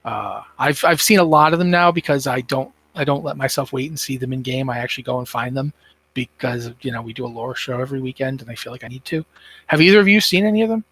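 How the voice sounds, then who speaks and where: A man's voice: mid-range voice, fast talker, fairly bright tone, no echo. A tired man co-hosting a casual gaming podcast, rambling and thinking aloud with plenty of fillers. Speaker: podcast co-host.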